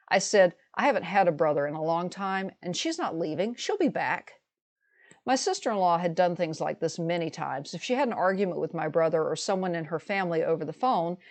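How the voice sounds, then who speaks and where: Middle-aged woman telling a family story to camera, calm and matter-of-fact, kinda low voice. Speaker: vlogger telling a personal story. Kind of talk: storytelling monologue.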